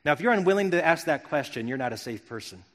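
Quick and lively in intonation, a middle-aged Wisconsin pastor delivers an earnest, reflective sermon, often going back to restart his phrases. His a-bit-bright voice is a touch high for a man, wrapped in the long reverb of an apparently large hall.

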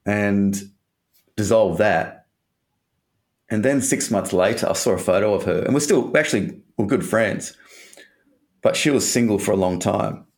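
A man's voice: lowish voice, unhurried, pauses often. A man from Australia telling a candid personal story in an interview, rambling and swearing casually.

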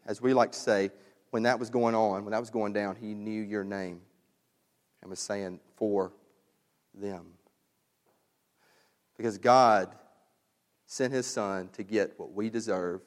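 A man's voice: on the low side, fairly even intonation, normal speed, pauses often, in a large hall. A man preaching a sermon as pastor, earnest and exhorting, repeating key phrases, then leading a closing prayer. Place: church sanctuary.

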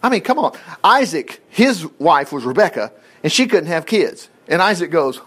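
A middle-aged man preaching a sermon as pastor, telling stories in a folksy, animated way with chuckled asides. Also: fairly high pitch, moderate pace.

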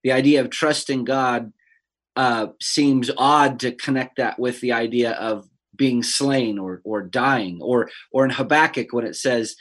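A man, a pastor who preaches on Sundays, talking earnestly and personally about a psalm in a relaxed discussion. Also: medium pitch, a little slow. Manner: earnest, personal, with fillers and restarts. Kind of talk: conversational Bible discussion.

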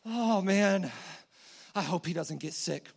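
A man's voice: high voice, slow, creaky, exaggerated voice. A man voicing panicking disciples who protest frantically during a sermon. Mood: panicked. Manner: frantic, exasperated.

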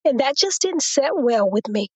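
A woman's voice: sits high, moderate pace, breathy edge, dry recording, rough recording. A woman guest in an interview, telling a personal testimony and acting out what others said to her. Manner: storytelling, quotes others in a lively retelling.

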